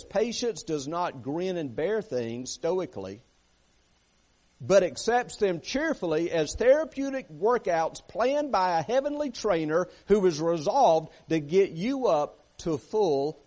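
Emphatic preacher man, slightly high voice. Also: very animated, a little slow, darkish tone. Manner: emphatic, repeats phrases, asks "right?" and "amen?" of the congregation. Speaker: pastor. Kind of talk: sermon.

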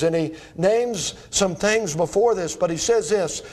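Earnest preaching man, slightly high voice. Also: unhurried, darkish tone. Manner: emphatic, repeats key words, asks the congregation rhetorical questions; reads scripture aloud in old formal wording. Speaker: pastor. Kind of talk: sermon.

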